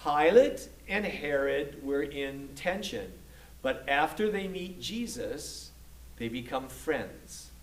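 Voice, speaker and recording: Heard far from the mic in an echoey room, a Bible study instructor with a fairly high, animated voice gives a slow scripture lecture to a class. He takes his time, frequently restarts his sentences, and asks "okay?" between points.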